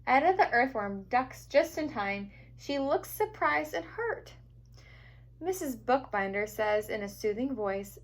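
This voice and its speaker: A teacher reading a picture book aloud to young children, gentle and expressive. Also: female voice, a little high, a little slow. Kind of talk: storybook read-aloud for children.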